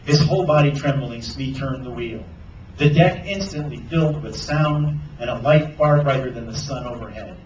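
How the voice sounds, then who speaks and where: A man, an author, reading a children's adventure novel aloud at a bookstore event with animated storytelling. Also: medium pitch, moderate pace, lo-fi sound, a little hiss or hum. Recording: roomy sound from a distance.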